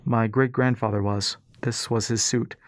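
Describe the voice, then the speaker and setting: A man narrating an audiobook voices a giant man in a robot suit who speaks in a low, grave, commanding tone. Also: little pitch movement, moderate pace, no room sound, clean studio sound, close to an everyday voice. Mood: earnest.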